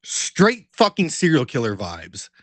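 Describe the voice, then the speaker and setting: A man in a podcast chat tells a story with a lot of energy. He swears often, drops plenty of fillers and laughs as he goes. His voice is mid-pitched and sits in a dry, dead-sounding room. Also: measured pace, no room sound. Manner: animated, profanity-heavy storytelling with many fillers; laughs while telling the story. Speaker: podcast co-host. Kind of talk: casual chat.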